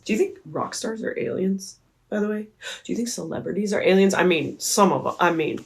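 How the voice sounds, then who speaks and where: A woman's voice: medium pitch, normal speed, pauses often, a bit bright. A young adult woman vlogger chatting in a rambling, playful, self-mocking way. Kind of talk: casual commentary chat.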